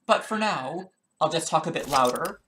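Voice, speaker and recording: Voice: medium pitch, expressive, normal speed, noisy background. A game streamer chatting casually, flustered by setup trouble, recorded on a webcam's built-in mic. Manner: chatty, flustered by tech trouble, many fillers.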